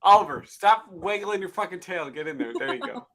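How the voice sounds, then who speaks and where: A man's voice: high voice, animated, fairly quick, fairly bright tone. A tipsy man hosting a casual livestream chat, crude and swearing a lot. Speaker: livestream host. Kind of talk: casual drunk chat among friends.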